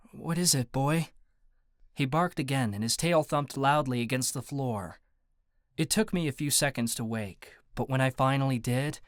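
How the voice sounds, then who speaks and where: A man narrating a first-person audiobook in a steady, even storytelling manner. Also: mid-range voice, clean tone, no room sound, clean studio sound. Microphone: close studio mic.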